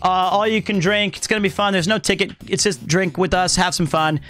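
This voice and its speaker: A man's voice: high voice, a little fast, fairly bright tone, soft background music. A young man streaming live, chatting casually and thanking viewers in an upbeat way.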